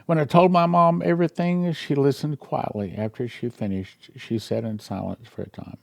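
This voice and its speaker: An older male pastor with a gravelly, earnest voice, reading a dream account aloud as part of a sermon. His tone turns hushed and emotional when he shares a personal memory. The sound is dry and close. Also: medium pitch, steady tone, moderate pace, dry recording. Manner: earnest, grows emotional and quiet when telling a personal story.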